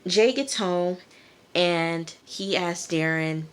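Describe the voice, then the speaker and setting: A woman's voice: deep voice, slow pace, a bit bright. A woman casually recapping a TV episode, chatty with many fillers, talking straight to her viewers. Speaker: TV episode reviewer.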